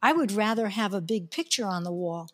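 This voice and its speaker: A woman's voice: mid-range voice, lively intonation, brisk. A woman from New York leading a casual chat about kitchen design. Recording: long reverb in the room.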